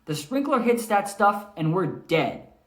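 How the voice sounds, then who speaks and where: A man voicing a flustered, anxious male groundskeeper in an urgent, excited way. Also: high-pitched, unhurried, pitched above the performer's own voice, full character voice. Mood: alarmed. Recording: echoey room.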